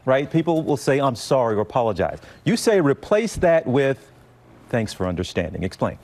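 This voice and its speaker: A man's voice: mid-range voice, big pitch swings, moderate pace, darkish tone. A man hosting a morning TV interview in a studio, upbeat and chatty as he reads intros and quizzes his guest. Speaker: TV morning show host.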